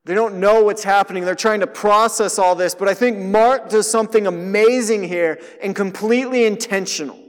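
A man preaching a sermon in a conversational way that swings between hushed, quiet passages and emphatic ones. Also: high voice, fairly even intonation, normal speed, hardly any pauses, long reverb tail.

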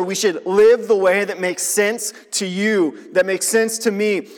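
A man preaches in a relaxed, conversational way, turning to his listeners and asking them to notice things. His voice sits high for a man, and it rings out with the long reverb of a large hall. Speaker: pastor. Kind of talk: sermon.

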